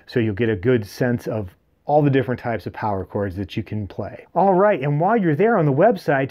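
A man's voice: mid-range voice, muffled recording. A man giving a guitar lesson, explaining chords and strums plainly and counting beats aloud as he plays. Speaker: guitar teacher. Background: his own acoustic guitar playing.

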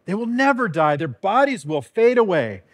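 A man's voice: sits high, very animated, normal speed. Earnest man preaching a sermon. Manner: earnest, conversational, rhetorical questions. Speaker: pastor. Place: church.

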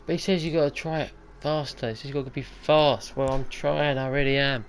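A man's voice: mid-range voice, fairly even intonation, a little fast, a little hiss or hum. Frustrated man narrating his own gameplay. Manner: talks to himself, frustrated and determined, loud outbursts at failures. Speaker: gaming channel host. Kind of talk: live gameplay commentary.

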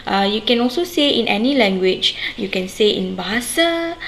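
A woman teacher, explaining a lesson to young children slowly and patiently and often checking with "okay?". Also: mid-range voice, animated, vocal fry, fairly bright tone, roomy sound, slight background noise, rough recording. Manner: slow, patient, sing-song explaining with many "okay?" checks. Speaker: primary school teacher.

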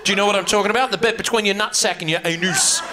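On a comedy club stage, a middle-aged man from New Zealand, speaking with a Kiwi accent, works the crowd loudly through a crude, brash stand-up routine. His voice sits high, he speaks very fast, and the background is noisy.

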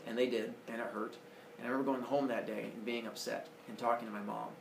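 A man's voice: medium pitch, level tone, quick pace, creaky, roomy sound, noisy background. A man in his forties giving an earnest, personal motivational talk to students, heard from a distance in a large room. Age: 40s. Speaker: school speaker.

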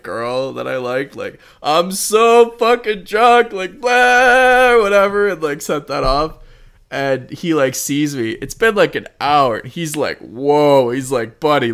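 A man's voice: mid-range voice, vocal fry, a bit bright. Young guy on a podcast rambling thru a story, says like every other word, swears a ton, keeps cracking up. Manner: rambling storyteller, heavy use of "like" and swearing, laughing often. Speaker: podcast co-host. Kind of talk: casual chat.

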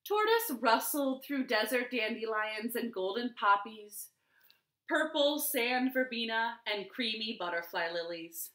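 A woman librarian reads a children's picture book aloud at an unhurried pace. Her bright voice swoops up and down with lots of expression. The living room around her adds a noticeable echo. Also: fairly high pitch. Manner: expressive, lively storybook reading. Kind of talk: storytime read-aloud.

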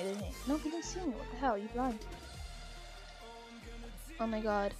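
A woman giving live commentary over her own gameplay. She is excitable, shrieks and laughs at scares, then chats on and apologizes a lot. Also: fairly high pitch. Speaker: gaming channel host.

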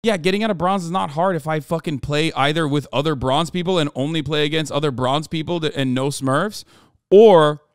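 Animated, profane male streamer, higher voice. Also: clear, resonant tone, no room sound, clean studio sound. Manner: animated, profane, rambling with restarts. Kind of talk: casual livestream chat.

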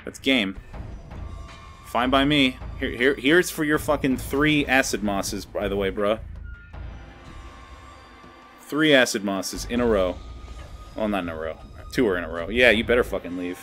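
A man's voice: on the low side, unhurried, long pauses, a bit bright. A young man commenting on his own card game as he plays, often swearing and ranting in frustration. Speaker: gameplay video creator. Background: faint background music.

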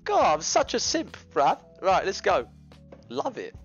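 A man livestreaming while he cooks, brash and rambling, his voice swinging to loud animated bursts. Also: high-pitched, a little slow, slightly rough, highs cut off, soft background music. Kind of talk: casual cooking livestream chat. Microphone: GoPro camera mic.

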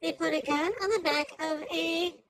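A woman voicing a hyper, chattering female AI cartoon host who rambles through commentary on a news clip, jumping between shouts and mutters. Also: very high-pitched, steady tone, moderate pace, over a noisy crowd, low-quality recording. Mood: excitable.

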